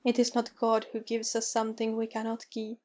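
A woman voicing a tired, wistful British officer who speaks quietly and tersely. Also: fairly high pitch, monotone, a little fast, lightly acted. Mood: weary quiet. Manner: quiet, terse, world-weary.

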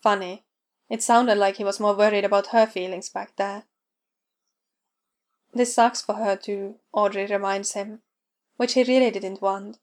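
A woman narrating a story aloud with a steady, even reading. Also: mid-range voice, normal speed. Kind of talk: reading fan fiction aloud.

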